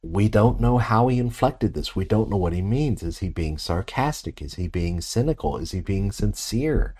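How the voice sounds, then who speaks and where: A man preaching an expository sermon in a measured, reflective way, posing rhetorical questions to his listeners. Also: on the low side, expressive, a little mellow.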